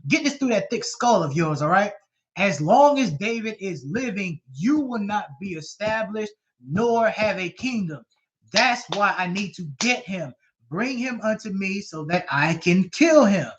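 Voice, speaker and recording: An enraged father-king lashes out at his son, accusing and scolding in loose, everyday speech. A man acts him out as he retells the story. The voice sits high and heated, and the recording sounds dull and lo-fi. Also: lively intonation, unhurried. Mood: furious.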